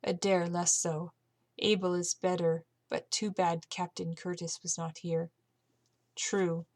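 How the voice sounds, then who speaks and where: A woman reading an amateur audiobook aloud, steady but with occasional slips and self-corrections. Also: lowish voice, measured pace. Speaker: audiobook reader.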